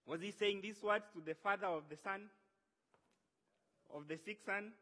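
A man preaching a sermon in a conversational, animated way, acting out the voices he quotes. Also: high-pitched, normal speed. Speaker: pastor. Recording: long hall reverb.

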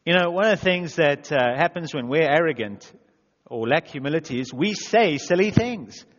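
A man's voice: on the high side, lively intonation, normal speed. A man preaching a sermon as pastor, self-deprecating, acting out quotes in little voices. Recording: dull echoey church hall sound.

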